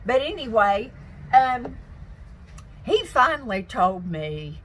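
A woman's voice: medium pitch, big pitch swings, slow pace, pauses often, a little hiss or hum. A woman chatting to viewers while she gardens outdoors, scattered and friendly, talking to her plants. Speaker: gardening vlogger. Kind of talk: casual chat to camera while gardening.

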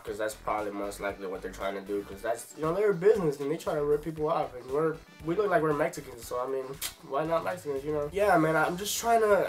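A young man ranting casually in a vlog, frustrated and swearing, rambling with lots of fillers, a bit sick with a cough. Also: fairly high pitch. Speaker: vlogger.

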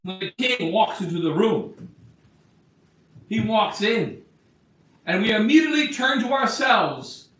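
A man's voice: high voice, lively intonation, unhurried, long pauses, fairly bright tone. A man preaching an emphatic sermon as a bishop, acting out the words he quotes. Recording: echoey church from far off.

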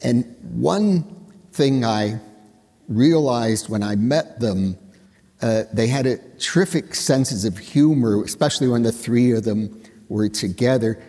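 An older man on a conference panel, recalling stories in a measured way with dry humor. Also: medium pitch, dark tone, breathy edge. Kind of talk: anecdotal panel talk. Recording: long reverb of a hall.

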